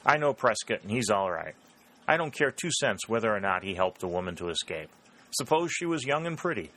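A man's voice: lowish voice, lively intonation, moderate pace, a bit bright. A man voicing a blunt, impatient mountaineer general who drops his g's and speaks with emphasis. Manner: folksy, dropped g's, emphatic.

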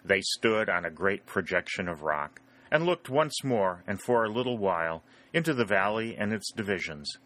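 A man reading a historical novel aloud as audiobook narrator, in measured storytelling. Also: low voice, expressive, fairly bright tone. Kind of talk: scripted narration.

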